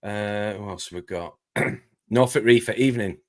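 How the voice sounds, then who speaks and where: A man hosting a casual live stream, chatting quickly and greeting viewers by name. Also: on the low side. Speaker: host.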